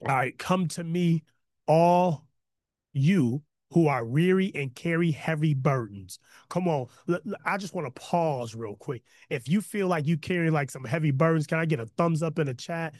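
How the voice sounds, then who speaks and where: A man preaching in a casual, energetic style to an online chat, breaking off into slangy asides and building to emphatic repetition. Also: on the high side, moderate pace, dry recording, clean studio sound. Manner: conversational slang, self-interrupting asides. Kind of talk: online sermon with chat interaction. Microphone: close mic, video call.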